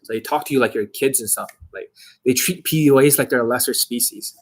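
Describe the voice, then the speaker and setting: A man's voice: medium pitch, fairly quick, breathy edge. A man working as a dating coach, ranting aggressively and profanely on a livestream.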